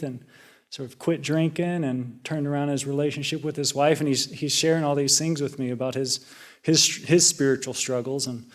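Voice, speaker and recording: A young man talks through a personal story at a relaxed, rambling pace. He is a junior Buddhist monk giving a casual reflection. He often restarts his sentences and fills pauses with small hesitations. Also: mid-range voice.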